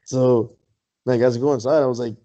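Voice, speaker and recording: A man's voice: mid-range voice, fairly even intonation, fairly quick, dark tone. A man on a podcast, casually telling a story, swearing a lot and laughing as he goes. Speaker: podcast co-host. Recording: dull lo-fi sound.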